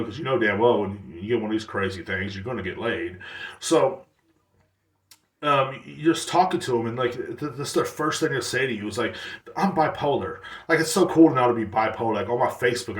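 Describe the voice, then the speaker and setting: A man's voice: mid-range voice, animated, fairly quick, a bit bright, roomy sound, far from the mic. A man hosting a podcast alone, rambling casually with blunt profanity and slang. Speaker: podcast host. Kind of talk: casual solo rant.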